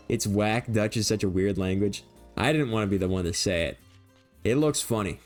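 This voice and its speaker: A man's voice: lowish voice, moderate pace, long pauses, faint music behind. A young man streaming a video game, rambling and joking in a casual running commentary and laughing easily.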